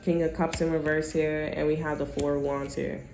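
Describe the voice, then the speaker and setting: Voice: medium pitch, flat delivery, moderate pace, vocal fry. Profane, rambling tarot reader in an echoey room. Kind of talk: casual tarot reading. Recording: roomy echo, faint background noise.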